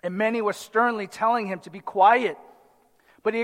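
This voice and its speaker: A man with a strikingly high voice delivers an expository sermon, reading a passage and then retelling it with lively acted-out quotes. His voice rings through a hall with a long reverb. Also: moderate pace. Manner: animated, dramatizes the crowd and the blind man in quotes. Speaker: preacher.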